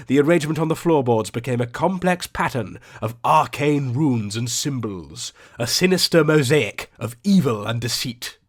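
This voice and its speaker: A man reading an audiobook aloud in a measured, dramatic, atmospheric narrating style. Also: mid-range voice. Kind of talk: scripted storybook narration.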